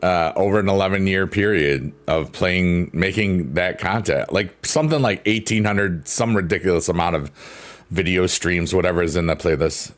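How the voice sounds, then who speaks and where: A man's voice: sits low, normal speed. A man streaming live, chatting casually and playfully with his viewers, rambling and laughing often. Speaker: livestreamer. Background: soft piano.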